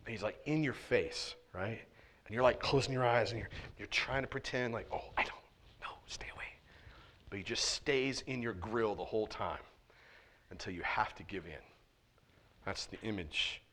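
A man preaching a sermon in a conversational way, swinging between loud emphasis and quiet, hushed asides. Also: on the low side, moderate pace. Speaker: pastor. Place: church sanctuary.

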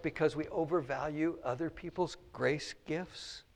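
A pastor with a Midwestern American accent and a slightly high voice preaches a sermon in a church sanctuary at a measured pace, pausing often over soft background music. Choked up with emotion, he's earnest and asks many questions, sometimes stumbling over and repeating his words.

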